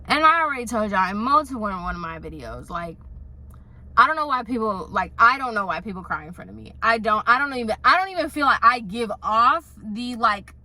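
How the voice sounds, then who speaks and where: A young woman spins a storytime for her viewers, chatty and exasperated, filling every pause with "like". Her voice sits high and sounds bright and lively. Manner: chatty, exasperated, heavy use of filler "like". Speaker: salon worker. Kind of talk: casual storytime vlog.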